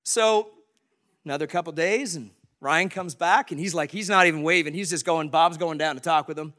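Man, storyteller, high-pitched, animated, chuckling. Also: moderate pace. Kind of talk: storytelling to an audience.

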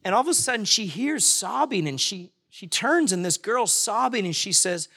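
Conversational preaching man, bright voice. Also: high-pitched, sing-song, moderate pace, hardly any pauses. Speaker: pastor. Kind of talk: sermon.

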